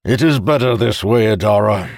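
A man's voice: fairly low pitch, lively intonation, normal speed, gravelly, no echo, clean studio sound, pitched above the performer's own voice. A man voicing a cold, controlled male commander who gives firm orders. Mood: commanding.

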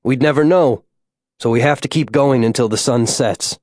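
Man voicing a serious dad, blunt and steady, plain middle voice, audiobook. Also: mid-range voice, moderate pace, no echo, studio quality, close to an everyday voice. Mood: grim. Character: grim, steady middle-aged father. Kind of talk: audiobook character voice.

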